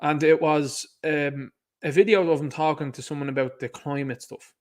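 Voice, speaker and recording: A man's voice: a little high, steady tone, moderate pace. A man hosting his own online show, giving a blunt, mocking commentary monologue that rambles with restarts.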